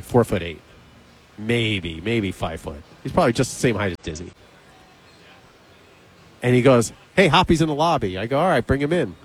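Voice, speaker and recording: A man hosting a radio talk show, telling a backstage story in casual banter and acting out the quotes in a higher voice. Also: breathy edge, poor audio. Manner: animated storyteller, acts out quotes with raised pitch.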